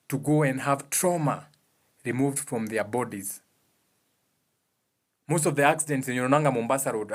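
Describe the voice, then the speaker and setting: Earnest Kenyan man explaining. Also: medium pitch. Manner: earnest and explanatory, with pointed repetition. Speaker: speaker giving advice on emotions. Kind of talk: casual motivational talk.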